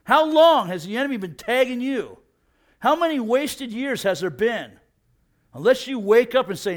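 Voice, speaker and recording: A middle-aged man giving a casual, energetic sermon, peppering his talk with "man" and asking "you know what?". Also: high-pitched, normal speed. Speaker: preacher.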